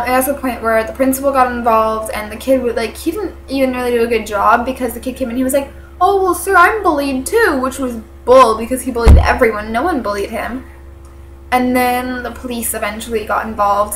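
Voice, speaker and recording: A teenage woman vlogger, congested, telling a personal story to camera in a halting, earnest way full of fillers. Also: on the high side, fairly bright tone, a little hiss or hum. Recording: echoey room.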